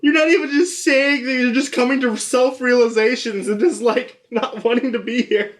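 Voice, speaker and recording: A man's voice: extremely high pitch, fairly even intonation, moderate pace, a bit bright. A man hosting his own channel, joking around and restarting his greeting in blooper outtakes. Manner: playful, giggly, restarting lines. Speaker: channel host.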